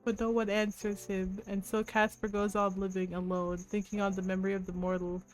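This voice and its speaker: A woman's voice: mid-range voice, level tone, a little fast, soft background music. Emotional young woman streamer reading a game. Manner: emotional, exclamatory reactions. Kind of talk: game let's play with reading aloud.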